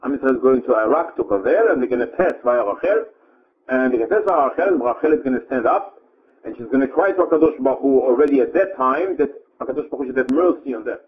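A man gives a Torah lecture at a mid pitch, explaining Hebrew verses line by line. He often stops and restarts his sentences. The sound is narrow and tinny, like a phone line. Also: expressive, fast talker. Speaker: rabbi teaching Torah.

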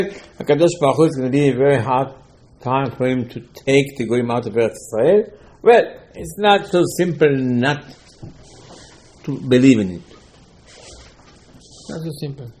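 A man giving a Torah lesson, animated, acting out dialogue with rhetorical questions and mixing Hebrew terms into English. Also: mid-range voice. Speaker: Torah teacher. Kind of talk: Torah lesson on the weekly portion.

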